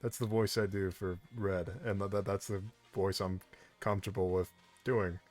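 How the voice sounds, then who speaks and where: A voice actor with a low voice chats animatedly and talkatively on a casual livestream, speaking at a moderate pace. He often restarts his sentences and laughs frequently, with faint music playing behind him.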